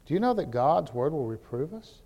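A man preaching a sermon as pastor, telling animated stories that build to near shouts. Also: fairly high pitch, fairly quick, long reverb tail, lo-fi sound.

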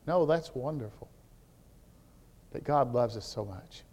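A man preaching a sermon as pastor, telling animated stories that build to near shouts. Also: medium pitch, a little slow, in a large hall.

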